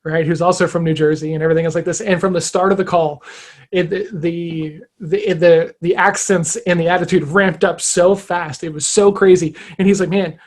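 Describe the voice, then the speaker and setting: A man with a somewhat high voice tells a story on a podcast. He chats casually and animatedly, slipping into quoted back-and-forth as he goes. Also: steady tone, normal speed. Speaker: podcast co-host.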